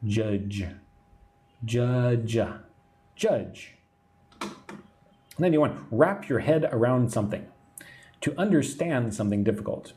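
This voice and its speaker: A man's voice: mid-range voice, darkish tone. American male English teacher, live-stream lesson, patient explainer, often adds "right?". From Texas, USA. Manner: patient explaining, reads viewer comments aloud, tag "right?" often.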